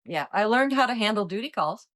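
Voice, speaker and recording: Animated retired woman agent telling stories. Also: medium pitch, a little fast. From Iowa, United States. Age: 50s. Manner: animated, acts out quoted voices. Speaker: retired DEA agent, guest. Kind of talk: casual interview storytelling.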